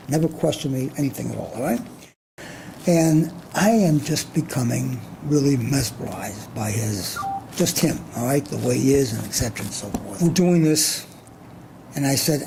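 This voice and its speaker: A man's voice: mid-range voice, animated, moderate pace, mellow, slight background noise, poor audio. An older man, a boxing promoter, telling a long rambling anecdote in an interview, often checking in with "all right?". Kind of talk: storytelling in an interview.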